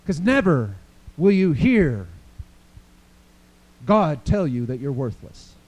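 A man preaching a sermon, swinging from quiet storytelling to loud, fervent declarations. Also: a little high, sing-song, slow, poor audio.

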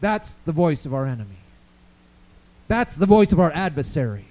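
A man preaching a sermon, swinging from quiet storytelling to loud, fervent declarations. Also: a little high, very animated, normal speed, rough recording.

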